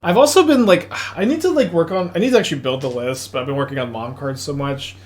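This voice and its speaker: A man with a Texas accent streaming an online card game, thinking aloud in rambling, excitable casual commentary into a desk mic. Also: a little high, quick pace.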